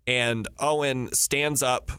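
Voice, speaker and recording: A man's voice: medium pitch, steady tone, slow pace, sharp tone, smooth, dry recording, studio quality. A man in his thirties casually telling a rambling, profane story and laughing through it. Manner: rambling, swears freely, laughs through stories.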